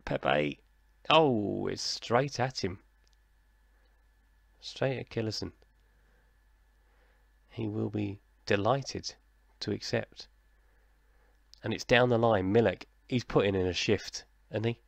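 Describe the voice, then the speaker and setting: A man's voice: lowish voice, slow, gravelly, pauses often, dry recording. A man, casually narrating his football management game like a commentator and chatting with himself in a self-deprecating way. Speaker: gaming YouTuber. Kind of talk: casual let's-play commentary.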